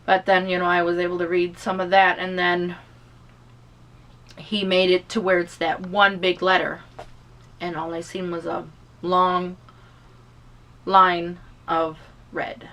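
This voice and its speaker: A woman's voice: lowish voice, level tone, a little slow, long pauses, a bit bright. A woman telling a personal story on her vlog in a rambling, casual way, full of "you know" and restarts, emotional and holding back tears. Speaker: vlogger. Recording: voice distant from the mic.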